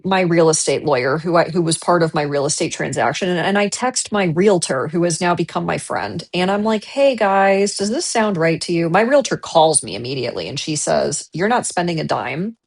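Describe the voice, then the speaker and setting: Young adult woman, casual streamer; lowish voice; animated storytelling, trips over her words. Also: vocal fry, slightly rough. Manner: animated retelling with repeated restarts.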